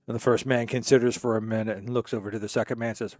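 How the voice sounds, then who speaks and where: A man's voice: mid-range voice, fairly even intonation, quick pace, hardly any pauses, darkish tone, no room sound, clean studio sound. A man hosting a game stream in casual chat, telling jokes in a rambling, digressive way. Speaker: gaming streamer. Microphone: streaming microphone.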